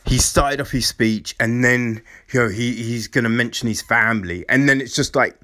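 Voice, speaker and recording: A man giving a casual, sweary opinion monologue, animated and mocking. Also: mid-range voice, moderate pace, hardly any pauses, no echo.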